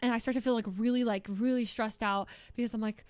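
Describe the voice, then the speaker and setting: A woman's voice: on the high side, fairly even intonation, quick pace, clear, resonant tone, dry recording. A young adult woman streamer telling a story in a casual, rambling way, full of filler words and laughing asides.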